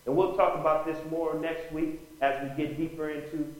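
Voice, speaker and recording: A man's voice: fairly high pitch, level tone, moderate pace. A man preaching a sermon as pastor, calling out "Amen?" to the congregation and rising into bursts of emphasis. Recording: very echoey room.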